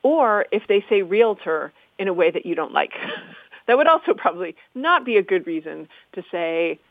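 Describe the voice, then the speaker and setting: A woman's voice: medium pitch, animated, normal speed, no echo. A woman historian of the language explaining usage in conversation, articulate and amused, lecturing in an easy way. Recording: tinny phone-like dry sound.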